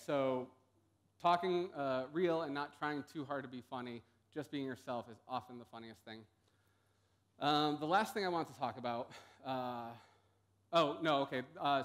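A man's voice: mid-range voice, fairly bright tone. A young man giving a casual conference talk on stage, full of ums and uhs. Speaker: conference speaker.

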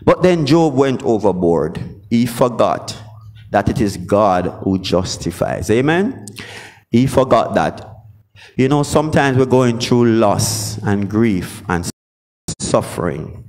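A man's voice: mid-range voice, expressive, a little slow, a little mellow. A man preaching a sermon, often calling out for responses from the congregation. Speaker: pastor.

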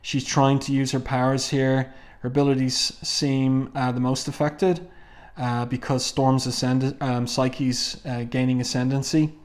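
A man's voice: medium pitch, level tone, measured pace, a little mellow. A man casually reviewing a comic book and reading panels aloud, musing with frequent ums and restarts.

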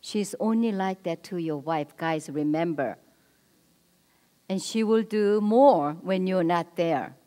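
A woman's voice: on the low side, dark tone. Lady teaching a marriage class at church, bossy little prompts to the crowd, big echoey hall. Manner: direct, coaxing the audience with quick prompts. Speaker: marriage seminar speaker. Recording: long hall reverb.

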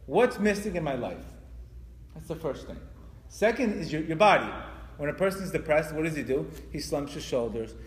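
A man giving a spiritual lecture to an audience. He talks in an animated way, stumbles through restarts and acts out quoted voices. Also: a little high. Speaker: religious teacher. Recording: echoey hall with long reverb.

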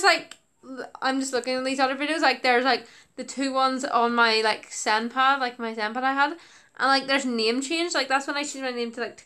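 A woman's voice: high-pitched, sharp tone, clean tone. A woman YouTuber chatting casually about her old videos, rambling with lots of "like" and giggles. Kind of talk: casual reaction commentary.

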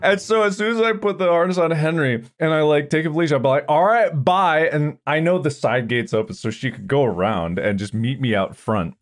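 A man on a podcast casually telling a funny anecdote, animated and laughing, acting out voices. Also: a little high, fairly quick, hardly any pauses. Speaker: podcast co-host.

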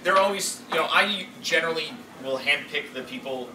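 A man who directs and performs voices, telling stories at a convention panel in a rambling, animated way. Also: fairly high pitch, a little fast. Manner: animated, rambling storytelling with frequent fillers. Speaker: voice director and voice actor. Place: convention hall. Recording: echoey hall from far off, noisy.

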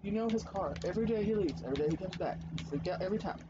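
A man's voice: high voice, lively intonation, very fast. Chatty swearing man on a lo-fi mic. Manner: rambling, chatty, swears freely. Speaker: let's play host. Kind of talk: casual gameplay commentary. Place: home, indoors. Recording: dull lo-fi mic with clear noise.

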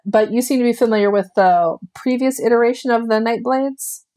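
A woman playing a tabletop game, chatty and inquisitive, quick to laugh. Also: on the high side, mellow. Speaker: player.

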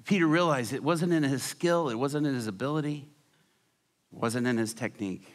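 A man's voice: mid-range voice, fairly quick. A man preaching a sermon, telling a story dramatically with humor and acted-out scenes. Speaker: guest preacher.

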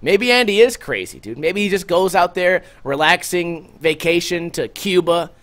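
A man's voice: high voice, normal speed. A man hosting a casual podcast, telling a story in a loose, profane way and acting out the other people's lines. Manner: animated, profane storytelling with acted-out quotes. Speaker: podcast host.

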